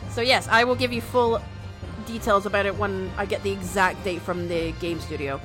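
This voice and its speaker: A Scottish woman streaming a game, chatty and animated, swearing casually as she reads dialogue aloud. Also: mid-range voice, moderate pace. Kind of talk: live game playthrough, reading dialogue aloud. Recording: game music playing underneath.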